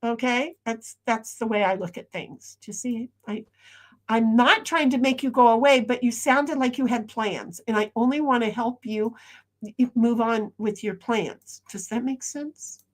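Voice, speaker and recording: Slow-talking, rambling woman streamer. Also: fairly high pitch. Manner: rambling and chatty, with frequent restarts and soft trailing asides. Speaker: live streamer. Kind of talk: casual live-stream chat, reading viewer comments aloud.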